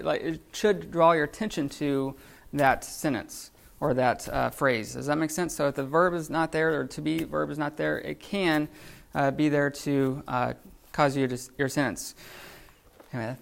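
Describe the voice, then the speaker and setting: A man leads a live classroom lesson, explaining grammar in a halting way, full of fillers and restarts. His voice has a gravelly edge. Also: fairly high pitch, steady tone. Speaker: Greek teacher.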